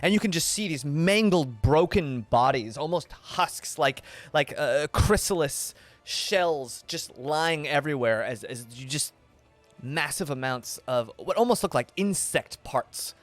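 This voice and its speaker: Higher-voiced man narrating as game master. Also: lively intonation, a little slow, no room sound, soft background music. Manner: descriptive, hesitant with repeated words.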